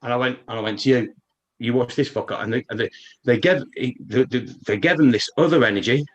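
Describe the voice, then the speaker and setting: A man's voice: medium pitch, fast talker, dull audio. A man, rambling through a casual story with frequent swearing and restarts, speaking as a guest on a live online stream.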